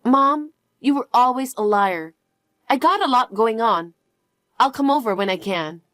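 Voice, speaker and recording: A woman's voice: a little high, animated, unhurried, a bit bright, no room sound. A woman voicing a suspicious young adult daughter who questions everything in an incredulous, dismissive way. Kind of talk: dialogue story acting.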